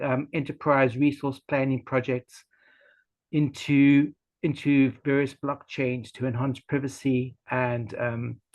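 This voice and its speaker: A man's voice: mid-range voice, low-quality recording. A man casually introducing himself on a video call, rambling and hesitant, with many fillers. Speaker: community call participant.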